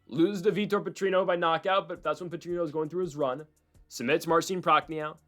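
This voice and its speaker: A man casually breaking down MMA fights and predictions, rambling and excitable with frequent asides. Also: fairly high pitch, a little fast, soft background music.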